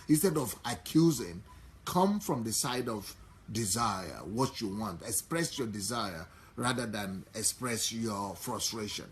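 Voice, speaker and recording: A Nigerian-accented pastor preaches in a fairly low voice, restating each point and leaning on fillers as he goes. Faint background ambience sits behind his voice. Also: expressive, a little hiss or hum. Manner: unhurried, repetitive preaching with many fillers. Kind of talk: sermon.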